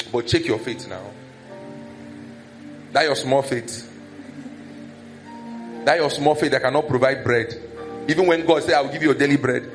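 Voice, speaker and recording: Animated Nigerian pastor preaching. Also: male voice, fairly high pitch. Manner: animated, acts out scolding and village gossip in raised voice. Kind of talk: sermon.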